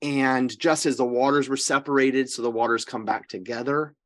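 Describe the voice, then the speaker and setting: A man's voice: medium pitch, fairly even intonation, normal speed, a bit bright. A man, a priest, leading an informal Bible study. He speaks emphatically, keeps checking in with his listeners and often restarts or corrects himself mid-sentence. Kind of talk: informal scripture teaching.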